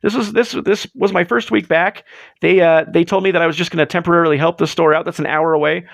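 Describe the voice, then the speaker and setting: A man hosting a live show in casual chat, rambling and excitable as he tells stories, swearing freely, on a close mic. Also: a little high, quick pace, creaky, dry recording. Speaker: livestream host.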